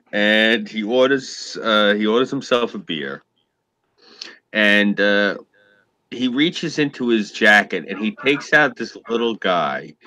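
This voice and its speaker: A man's voice: on the low side, sharp tone, rough recording. A man telling a joke in casual chat, rambling with lots of fillers.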